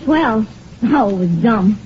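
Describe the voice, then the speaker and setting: A fairly high-voiced young woman, sassy and quick with slang. Her lines come through dull and hissy, like a vintage radio broadcast. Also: lively intonation, darkish tone. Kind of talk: 1940s radio acting.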